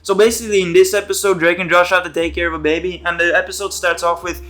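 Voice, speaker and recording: High-voiced man, rambling commentary. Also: fairly even intonation, quick pace, sharp tone. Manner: rambling, profane and jokey. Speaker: YouTube commentator. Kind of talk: casual TV episode commentary.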